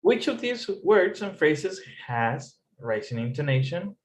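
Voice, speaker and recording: A man's voice: fairly high pitch, sing-song, unhurried, a little hiss or hum, poor audio. Patient male tutor on a video call. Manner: patient, explanatory, repeats key points. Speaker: English tutor. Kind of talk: online tutoring session.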